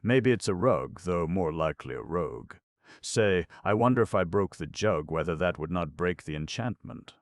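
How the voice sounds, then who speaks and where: A man voicing a young goat girl from a storybook, brisk, excitable and bossy. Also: low-pitched, no room sound, studio quality, voice pushed up. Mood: curious. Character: brave young goat girl with seven hands.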